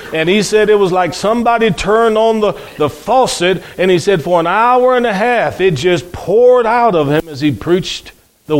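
Male preacher, high voice, storytelling sermon with acted-out quotes.

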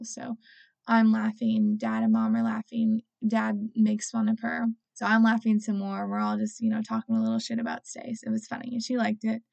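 A woman's voice: a little high, gravelly, dark tone. A woman vlogger talking casually and earnestly to her viewers, rambling and filling her talk with "like" and "you know". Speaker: vlogger with a clothing brand.

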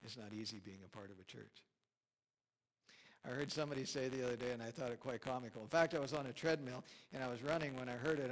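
A man's voice: mid-range voice, low-quality recording. A man preaching a sermon in a church, talking in a conversational, folksy way with chuckles and emphatic repetition. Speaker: pastor. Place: church sanctuary.

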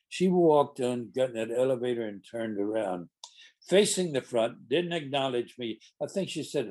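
A man's voice: medium pitch, expressive, moderate pace, a little mellow. An older man, a stage actor, telling a rambling, amused backstage anecdote with frequent restarts. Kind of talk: casual anecdotal storytelling.

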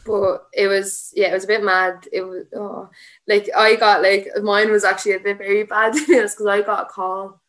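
A woman's voice: medium pitch, little pitch movement, normal speed, fairly bright tone. A woman in her twenties with an Irish accent, chatting in a rambling way and filling her talk with "like", as a podcast guest. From Ireland. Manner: chatty and rambling, heavy use of "like", frequent laughter. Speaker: guest, MMA fighter and student teacher. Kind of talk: casual podcast chat.

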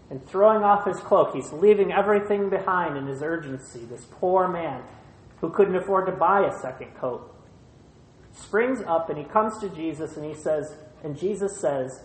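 A pastor preaching a sermon in short, measured phrases, retelling a scripture passage. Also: mid-range voice, slight background noise. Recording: roomy echo.

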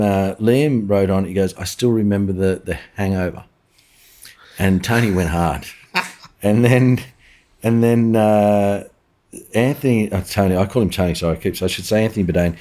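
A middle-aged Australian man with a very deep voice talks as a podcast guest. He rambles through anecdotes, stopping and restarting sentences and leaning on fillers. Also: warm tone. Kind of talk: casual interview storytelling.

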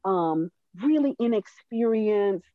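In a conversational history discussion, a woman thinks aloud about a historical figure, animated yet slow and thoughtful, at medium pitch. Her speech is full of fillers and restarts, and the sound is dull, dry and lo-fi with no echo.

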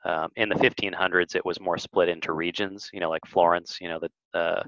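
A man's voice: deep voice, steady tone, a little fast, bright, forceful tone, muffled recording. A man, a podcast guest, chatting casually and telling rambling stories with lots of fillers. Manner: rambling, storytelling with many fillers. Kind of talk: casual interview chat.

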